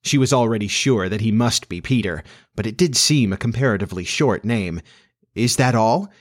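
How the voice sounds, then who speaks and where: A man narrating a children's classic as an audiobook in a measured, expressive storytelling manner. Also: fairly low pitch.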